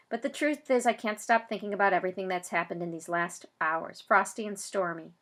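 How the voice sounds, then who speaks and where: A woman narrating a first-person audiobook, reading the story and voicing its characters, with loud bursts for shouted lines. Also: medium pitch, moderate pace.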